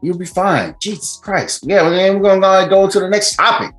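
A man hosting a podcast in casual chat, animated and profane, laughing often. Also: high-pitched, fairly quick, soft background music. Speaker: podcast host.

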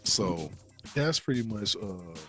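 A man's voice: fairly low pitch, expressive, takes it slowly, fairly bright tone, soft background music. A man co-hosting a podcast, casually retelling a game's story in slangy talk and acting out the characters' lines. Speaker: podcast co-host.

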